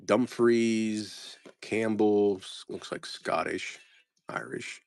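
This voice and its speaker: Slow-talking low-voiced man sorting postcards. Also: no room sound, studio quality. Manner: unhurried, muttering place names, trailing off. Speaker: postcard reseller. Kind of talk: casual commentary sorting postcard lots.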